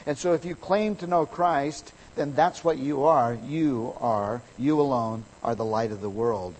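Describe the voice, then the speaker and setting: A male pastor delivers a sermon in a husky, slightly breathy voice. He preaches with emphasis, his voice rising and growing louder on the words he wants to stress. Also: on the high side, poor audio.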